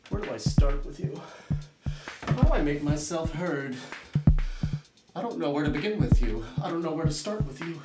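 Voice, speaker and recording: A man delivers a nagging, scolding theatrical monologue, rattling off one stock phrase after another. His voice sits a little high for a man and rings around a roomy space. Loud instrumental music plays underneath him throughout. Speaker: stage performer. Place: small closet stage.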